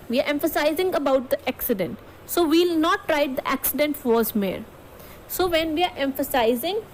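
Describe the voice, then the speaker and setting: A woman's voice: high voice, slight background noise, low-quality recording. A woman teacher with an Indian English accent, explaining a grammar lesson step by step to students and often checking in with "okay". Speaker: school teacher.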